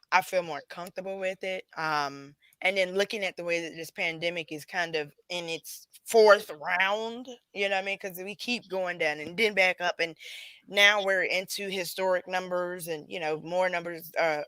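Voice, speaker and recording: Bright-voiced woman cohost, playful, laughs a lot, dry mic. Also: fairly low pitch, no room sound. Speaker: podcast co-host. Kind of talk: casual chat.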